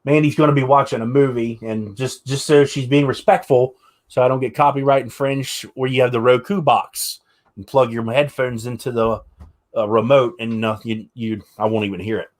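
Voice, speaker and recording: A young man chats easily on a livestream, joking with his guests and showing products. His voice sits at an ordinary middle pitch. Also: steady tone, normal speed. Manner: chatty, joking, shows products. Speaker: livestream host. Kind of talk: casual livestream chat.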